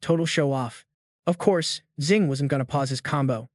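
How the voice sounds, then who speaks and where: A man's voice: medium pitch, moderate pace, darkish tone, dry recording, studio quality. A man narrating a comic recap in a slangy, hyped-up storytelling manner. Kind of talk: scripted narration.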